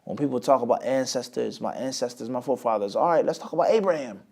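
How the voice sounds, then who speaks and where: A man teaching an Islamic lesson, often asking a rhetorical question and answering it himself, with sudden swings between loud and quiet. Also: medium pitch, fast talker, vocal fry. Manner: lively, with many sudden rises and drops in loudness. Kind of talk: lecture class.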